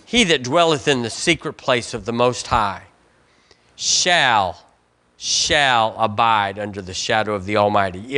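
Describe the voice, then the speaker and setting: Bright-voiced Southern preacher man. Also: mid-range voice. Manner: preaching with call-and-response and rising emphatic repetitions. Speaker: pastor. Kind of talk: sermon. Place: church sanctuary.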